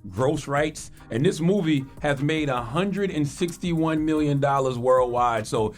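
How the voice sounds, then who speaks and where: A man's voice: fairly high pitch, measured pace, faint music behind. A man co-hosting a morning radio show in casual banter, emphatic and punchy, repeating words for effect, on a studio mic. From Oakland, California. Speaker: radio co-host. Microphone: studio broadcast mic.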